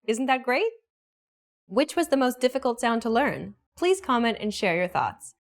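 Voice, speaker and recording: A woman giving a scripted pronunciation lesson in a clear, explanatory and measured way. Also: fairly high pitch, big pitch swings. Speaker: pronunciation teacher. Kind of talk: scripted instructional narration.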